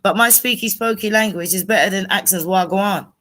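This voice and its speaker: Brief: middle-aged East London woman, bright tone, acts out every quote in her stories. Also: medium pitch, brisk. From England. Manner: animated storyteller, acts out quoted dialogue. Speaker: panelist. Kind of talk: casual banter on a livestream.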